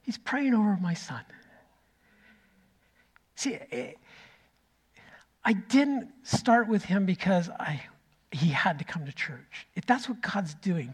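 Storytelling male pastor, loud then hushed. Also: high voice, very animated, slow, pauses often, husky. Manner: storytelling, rising loud then dropping to a near whisper. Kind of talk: sermon.

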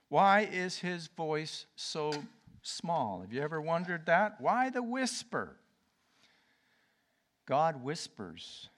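A male pastor preaching a sermon, swinging between loud declarations and near-whispers. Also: high-pitched.

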